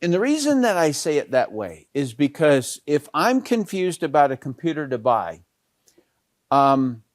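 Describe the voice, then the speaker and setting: A man's voice: a little high, sing-song, unhurried, dry recording, clean studio sound. A middle-aged man giving a casual network marketing talk, storytelling with many fillers and restarts.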